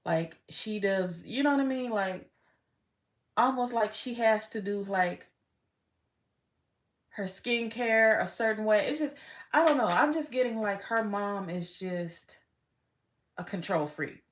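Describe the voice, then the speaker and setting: A woman's voice: medium pitch, a little slow, pauses often. A woman doing a casual tarot reading vlog, chatty and frank, swearing freely and laughing often. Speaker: tarot reader.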